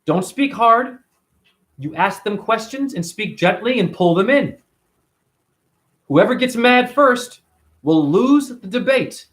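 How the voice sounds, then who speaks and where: A man talking straight to camera in a casual vlog, emphatic and animated, swearing now and then. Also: high-pitched, slow pace, pauses often. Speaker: vlogger.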